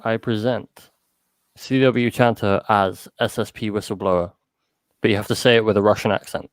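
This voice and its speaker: A man's voice: fairly low pitch, steady tone, normal speed, no echo. Wry man on a dry mic. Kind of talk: casual stream chat.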